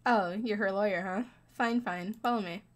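A woman reading the lines of a gruff male prison guard in a game, reading them aloud in a plain voice. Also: medium pitch, moderate pace, close to an everyday voice. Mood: curt. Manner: reads game dialogue aloud.

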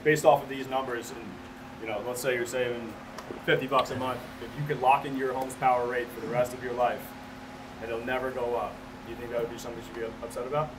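A man rehearses a sales pitch in a training role-play, hedging with fillers as he talks fast. He is caught from across the room. The steady hum of air conditioning sits under his voice. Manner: hesitant, filler-heavy pitch. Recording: far from mic, noisy room.

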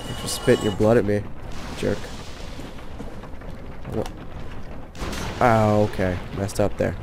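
Sick while playing, a let's play commentator keeps his voice down and trash-talks the enemies in exasperation. His voice is lowish and creaky, with fairly even intonation and a slow pace, over background noise.

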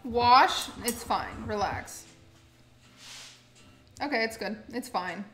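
A woman's voice: fairly high pitch, takes it slowly, bright, forceful tone. A woman streaming herself cooking, chatting casually and giggling as she talks through each step. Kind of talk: casual chat while cooking. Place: home kitchen. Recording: echoey room, faint background music.

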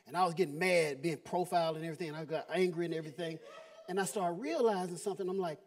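A man's voice: on the high side, fast talker. A man doing a stand-up set, storytelling with animation and laughing at his own jokes on a live comedy stage. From Southern US.

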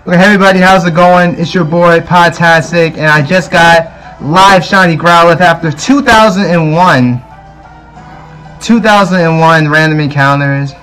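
A young man hosting a gaming video, gushing with excitement and repeating exclamations as he commentates his gameplay at home. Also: a little high, moderate pace, smooth, soft background music, low-quality recording.

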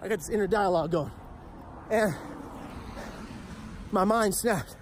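A man speaker telling a comedic personal story in a punchy, animated way with profane asides. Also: sits high, measured pace, slight background noise. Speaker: motivational speaker.

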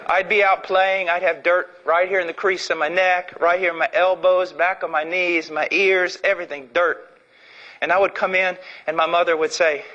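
A middle-aged man from Illinois preaching a sermon, swinging from fervent shouting to low, intense speech. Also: little pitch movement, normal speed, muffled recording. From Illinois, United States.

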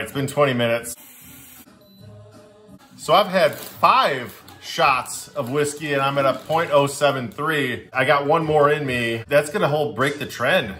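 A young male vlogger chatting to his camera in a loose, joking, upbeat way. His voice sits at an ordinary mid pitch for a man, with faint music playing underneath. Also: pushed and bright. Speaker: vlogger testing drinks on a breathalyzer. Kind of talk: casual on-camera vlog.

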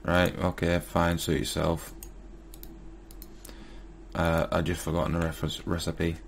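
Male gamer, casual commentary, deep fry-heavy voice, talks to himself while playing. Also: monotone, unhurried, slight background noise. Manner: muttering to himself, mildly exasperated. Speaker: gaming YouTuber. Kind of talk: casual Let's Play commentary.

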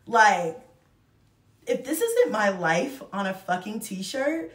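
A woman's voice: mid-range voice, lively intonation, measured pace. A woman in her thirties, a mother chatting effusively to camera as she shows off a shopping haul and calls her viewers y'all. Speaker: vlogger reviewing a shopping haul. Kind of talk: casual chat to camera. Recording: echoey room, mic at a distance.

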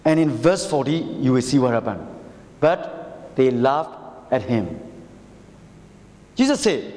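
A man's voice: medium pitch, very animated, takes it slowly, long pauses, darkish tone. A man with a Burmese accent, a pastor preaching an impassioned sermon full of rhetorical questions and calls to the congregation. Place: church hall. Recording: reverberant church hall.

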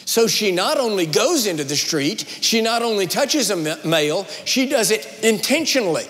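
A man preaching a sermon in a large church, building emphatic runs and slowing down for weight. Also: high voice, big pitch swings, a bit bright. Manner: dramatic preaching with rising emphatic runs and slowed pauses. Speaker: guest preacher. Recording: long reverb of a large hall.

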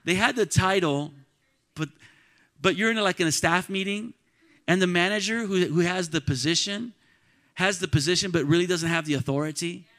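High, bright-voiced preaching man. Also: moderate pace. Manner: call-and-response preaching, swings from quiet to shouting. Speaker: pastor. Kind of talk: sermon. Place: church sanctuary.

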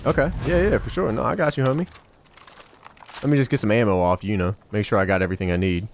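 A man giving casual, slangy gameplay commentary as a let's play host, excitable and bantering with game characters. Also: lowish voice, fast talker, a little hiss or hum.

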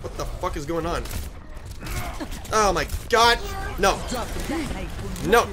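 Frantic high-voiced gamer man, swearing. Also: animated, slow pace, music in the background. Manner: frantic, swearing, yelling at teammates. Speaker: gaming YouTuber. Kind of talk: live gameplay commentary.

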